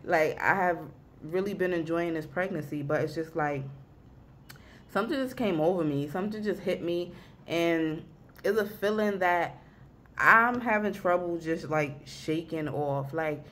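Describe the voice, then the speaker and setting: A young woman talking at her home desk in a casual vlog, rambling and halting, close to tears. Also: on the low side, fairly bright tone. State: weepy, emotional. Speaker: vlogger.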